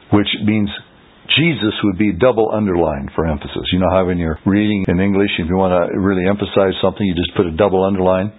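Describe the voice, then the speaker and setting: A man's voice: deep voice, breathy edge. A man giving an expository Bible teaching, earnestly explaining Greek terms and rising to emphatic peaks. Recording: tinny phone-like radio broadcast.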